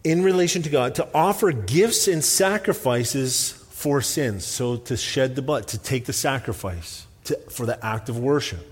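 A male pastor at a medium pitch delivers a sermon in a relaxed, conversational way and pokes fun at himself as he tells stories. His voice rings through a church sanctuary with a long, lingering reverb. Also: unhurried, hardly any pauses, slightly rough. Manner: conversational, self-deprecating storytelling.

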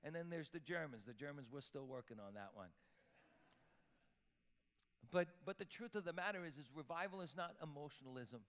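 Emphatic preaching man, bright voice. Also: a little high, lively intonation, a little fast, pauses often. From Sicilian-Italian heritage. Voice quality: emphatic, repeats words while building up. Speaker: pastor. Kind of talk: sermon. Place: church sanctuary with long reverb. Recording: reverberant church hall.

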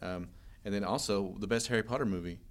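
A man chatting casually about films as a co-host, talking quickly and joking often. His voice sits low and he laughs easily between points. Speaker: podcast co-host. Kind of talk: casual chat.

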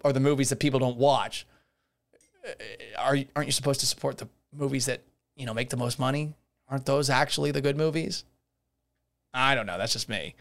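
A man's voice: mid-range voice, fairly bright tone. A man hosting a solo podcast, talking casually and sarcastically, ranting and swearing about the news. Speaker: podcast host.

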